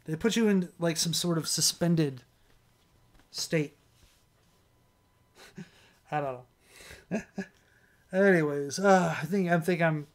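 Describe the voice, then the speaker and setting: A man with a slightly high, strained voice hosts a casual livestream. He rambles, restarts his sentences and chuckles often as he chats. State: strained, worn voice. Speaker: livestream host. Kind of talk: casual chat.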